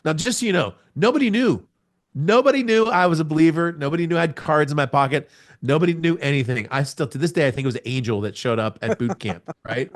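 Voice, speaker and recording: Here a middle-aged American podcast guest relates a story at a quick pace in an informal interview. He laughs a lot, and at thrilling moments his pitch shoots up sharply.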